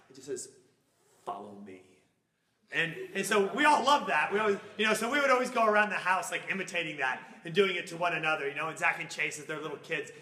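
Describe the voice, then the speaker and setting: A man teaching a Bible class, animated and acting out little scenes in funny voices as he explains. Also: sits high, echoey room.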